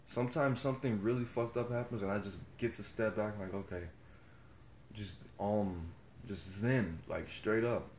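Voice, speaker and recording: A man's voice: lowish voice, normal speed, darkish tone, a little hiss or hum. A young man rambling in a profane, reflective casual monologue as a vlogger. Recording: echoey room with faint ambience.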